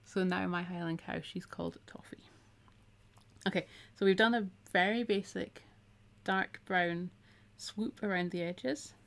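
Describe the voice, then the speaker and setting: A middle-aged woman talks her viewers through a craft on a live stream in a relaxed, chatty way, laughing often. Her voice sits fairly low and has a gravelly edge. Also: a little slow. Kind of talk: casual craft tutorial.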